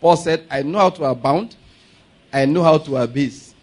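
A pastor with a notably high voice delivers a lively sermon. He mixes humorous asides with laughter and leads his listeners in repeated declarations. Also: moderate pace. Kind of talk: sermon with call-and-response.

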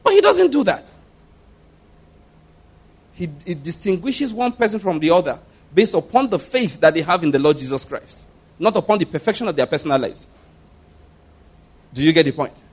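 Casting: male pastor, high voice, emphatic and repetitive sermon delivery. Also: sing-song, normal speed, pauses often, husky. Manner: emphatic, repetitive, rhetorical questions.

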